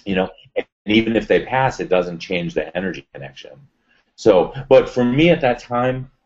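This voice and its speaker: A man telling a personal story as an interview guest, animated and acting out the voices of others. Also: on the low side, moderate pace. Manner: animated retelling, acts out quoted voices. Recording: dull lo-fi sound.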